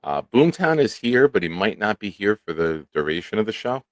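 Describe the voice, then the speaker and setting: A man hosting a casual live stream, animated and chatting with viewers by name. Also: fairly low pitch, fairly quick, no echo. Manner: animated, talks to chat by name. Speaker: show host. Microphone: studio microphone.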